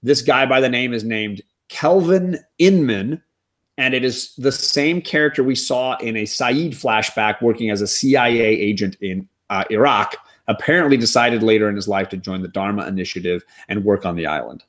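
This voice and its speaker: A man hosting a casual TV recap chat, talking in an animated, wry way with quick asides. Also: lowish voice. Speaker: podcast host.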